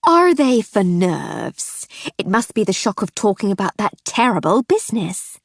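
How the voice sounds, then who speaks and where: A woman voicing a fussy, sharp-tongued wealthy wife in her fifties in an audiobook. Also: medium pitch, big pitch swings, unhurried, no room sound, clean studio sound. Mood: fussing. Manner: gushing, then icy and sharp. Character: shrill fussy rich middle-aged wife.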